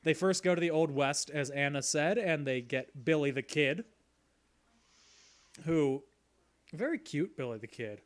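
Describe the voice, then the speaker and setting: A man's voice: a little high, a little slow, pauses often. A man co-hosting a podcast, casually recapping and joking with light laughs. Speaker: podcast co-host. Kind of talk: casual chat.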